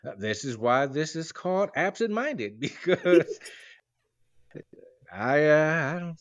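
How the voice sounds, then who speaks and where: A man's voice: a little high, big pitch swings, moderate pace, a bit bright, dry recording. A man in his forties hosting a podcast, telling rambling stories in a joking, casual way. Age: 40s. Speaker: podcast host. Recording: dry, dull lo-fi sound.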